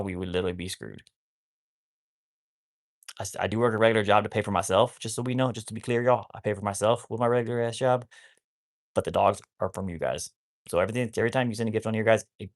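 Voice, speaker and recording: A man's voice: on the low side, fairly even intonation, fast. A man rambling casually to viewers on a live stream about rescuing wolfdogs, often cooing at his dogs.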